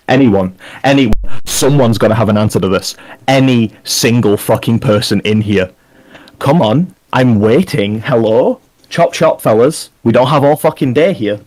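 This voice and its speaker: A man cutting a furious, profane wrestling promo, demanding answers and ranting about being overlooked. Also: mid-range voice.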